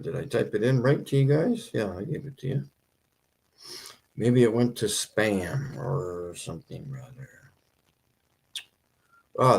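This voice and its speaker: A man's voice: on the low side, vocal fry, a little mellow, breathy edge. A man hosting a casual livestream, rambling and joking, laughing at his own points. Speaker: livestream host.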